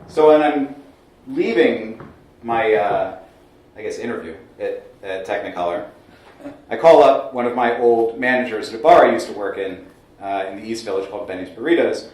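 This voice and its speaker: A man in his thirties telling a comic personal story on a small stage, lively with wry asides. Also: medium pitch, moderate pace. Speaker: solo storyteller. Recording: very echoey room, mic far off.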